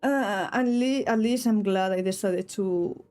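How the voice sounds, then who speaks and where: A woman's voice: medium pitch, a little slow, darkish tone, faint music behind. A young woman from Spain with a Spanish accent, chatting casually to her stream in English while she draws, rambling and breaking off mid-thought with little giggles. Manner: rambling, self-interrupting, giggly asides.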